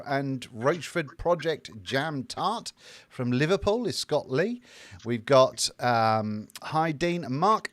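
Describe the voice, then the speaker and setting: A fairly high-voiced British man from the United Kingdom hosting a live stream, reading viewer messages and joking along. He talks in a loose, chatty way with lots of ums. The sound is dry and close, with no room echo. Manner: jokey, chatty, reads viewer comments aloud with fillers. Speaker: livestream co-host reading chat. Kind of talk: casual live chat.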